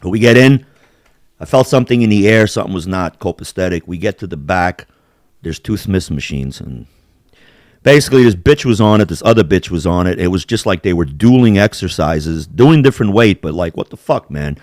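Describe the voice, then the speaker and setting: A man's voice: sits low, fairly quick, dry recording, clean studio sound. A man hosting a podcast, telling crude stories in casual chat, swearing and laughing often. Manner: animated storyteller, swears a lot, laughs often. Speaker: podcast host.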